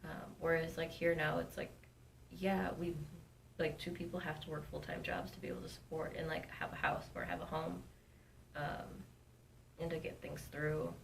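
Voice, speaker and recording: A woman with a very low, gravelly voice chats casually on a podcast and often finishes her partner's sentences. She sits a little back from the mic. Faint noise runs underneath. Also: normal speed, recorded from a distance. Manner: relaxed, chimes in to finish the other's sentences. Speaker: podcast co-host.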